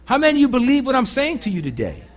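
A man with a notably high-pitched voice preaches a sermon. He speaks bluntly and casually, with earthy phrasing, and keeps checking in with the congregation through rhetorical questions. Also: huge pitch swings, rapid-fire. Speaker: pastor.

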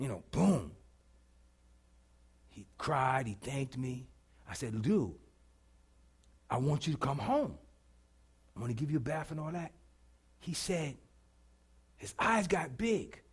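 A middle-aged man preaching a sermon, telling a story dramatically and swinging from hushed to shouting. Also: on the high side, breathy edge.

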